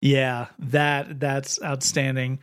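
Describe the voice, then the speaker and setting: A man's voice: medium pitch, flat delivery, slow, a bit bright. A man co-hosting a podcast in casual chat, wry and joking, laughing often. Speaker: podcast co-host.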